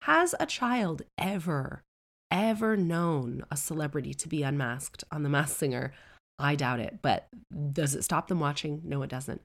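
A woman's voice: sits low, steady tone, moderate pace. A woman in her thirties telling a chatty, self-deprecating personal story full of comic digressions. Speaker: celebrity storyteller.

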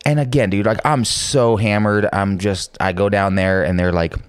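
A young man telling a rowdy anecdote in casual chat, swearing freely, full of filler words, and jumping into high voices for quoted lines. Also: steady tone, moderate pace, clean tone, dry recording.

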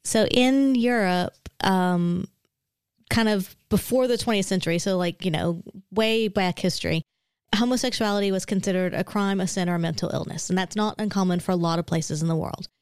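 A woman's voice: mid-range voice, moderate pace, darkish tone, clear, resonant tone, no echo, studio quality. A woman co-hosting a podcast, explaining history notes in a chatty way with frequent fillers. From Australia. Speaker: podcast co-host. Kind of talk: casual podcast chat, presenting history notes.

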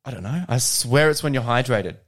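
Joking young Australian guy, lively voice. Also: medium pitch, fairly quick, slight background noise. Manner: joking, swears freely. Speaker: podcast co-host. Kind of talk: casual chat.

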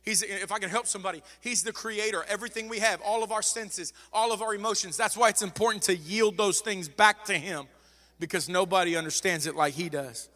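A man's voice: sits high, fairly quick, bright, forceful tone. A man preaching a sermon as pastor, fervent and repeating phrases for emphasis. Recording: long reverb of a large hall.

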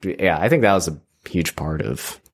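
A man's voice: low voice, expressive. A young man telling a story in casual chat, rambling with many restarts and frequent laughs. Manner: rambling, halting, laughs often. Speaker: podcast guest. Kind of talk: casual conversation.

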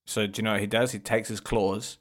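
A man's voice: lowish voice, flat delivery, a little fast. A man co-hosting a comedy podcast, telling a movie story with stammering restarts. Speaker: podcast co-host. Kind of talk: comedic movie recap chat.

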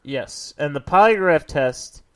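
Casting note: male co-host from the Chicago area, higher smooth voice, dry close mic, blunt delivery. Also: lively intonation, a little slow, fairly bright tone, dry recording. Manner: blunt, profane. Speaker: podcast co-host. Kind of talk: casual chat.

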